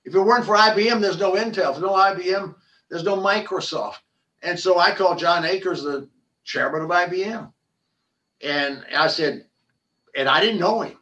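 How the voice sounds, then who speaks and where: An older man, a former athlete turned business founder, telling animated stories in an interview with frequent restarts and repeated words. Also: sits high, moderate pace, distant mic, low-quality recording. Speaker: podcast guest, former football player and business founder. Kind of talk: conversational interview storytelling.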